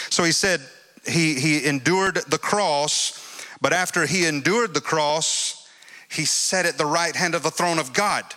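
A man's voice: on the high side, sharp tone. A male preacher giving an emphatic sermon and repeating his phrases. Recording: long hall reverb.

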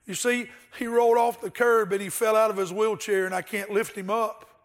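A man's voice: high-pitched, level tone, fairly quick, voice pushed up, lightly acted. A man acting out a frightened young boy who pleads and stammers. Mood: pleading.

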